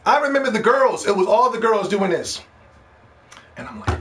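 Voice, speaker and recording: A man with a fairly high voice hosts a podcast, talking casually. He tells animated stories and mimics the reactions of people he describes. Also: a little fast, pauses often, noisy background. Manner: animated storytelling, mimics other people in slang. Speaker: podcast host. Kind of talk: casual monologue.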